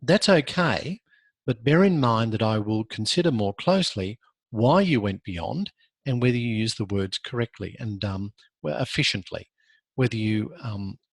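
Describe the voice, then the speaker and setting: A man with an Australian accent lectures on law in a measured, earnest way, pausing now and then to gather his words. His voice sits fairly low with a husky edge. The recording is dry and close, with little sound of the room. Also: dry recording. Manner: measured, earnest advice with frequent fillers.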